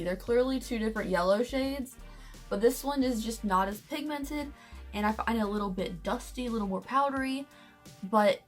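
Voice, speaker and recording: A woman's voice: medium pitch, fairly bright tone. Young woman, candid and chatty, casual beauty review; faint music under her. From United States. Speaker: beauty vlogger.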